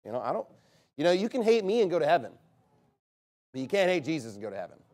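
A high-pitched man preaching in church with heat and contempt. His delivery swings between sharp, loud outbursts and low, muttered asides. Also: sing-song, fast. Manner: fiery, scornful preaching with sudden loud bursts. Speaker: pastor. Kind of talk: sermon.

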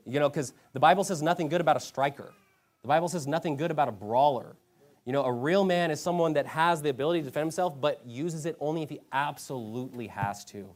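A man's voice: a little high, quick pace. A man preaching a sermon to a congregation, telling a story with emphatic rhetorical questions. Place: church hall.

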